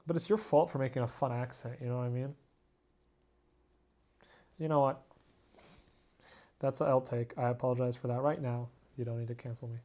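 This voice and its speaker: A man's voice: medium pitch, fairly even intonation, a little fast, long pauses, warm tone. A tired man drawing late at night, naming each part in terse single words and making self-mocking asides to himself. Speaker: artist drawing on camera. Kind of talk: casual talk to himself while drawing.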